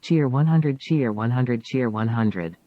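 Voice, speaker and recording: A man voicing an emergency alert system announcer, flat and official. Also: mid-range voice, a little slow, lightly acted. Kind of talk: mock broadcast alert announcement. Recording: dry, dull audio.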